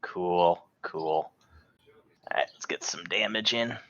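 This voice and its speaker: A man's voice: low voice, slow, fairly bright tone, muffled recording. A man playing a tabletop game, talking in a matter-of-fact way as he counts out his moves. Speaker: player. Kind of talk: casual tabletop game chat.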